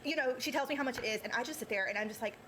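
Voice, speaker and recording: A woman's voice: fairly high pitch, racing, bright, forceful tone, slight background noise. Teary, grateful woman chatting. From United States (North Carolina). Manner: emotional, grateful, chatty with many fillers. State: teary-eyed. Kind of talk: casual vlog about groceries.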